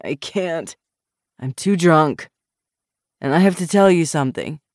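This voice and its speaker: A woman's voice: low-pitched, expressive, measured pace, a little mellow, no room sound, clean studio sound. A woman voicing a drunk man who rambles and pleads in a loose, unsteady way. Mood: drunk, pleading.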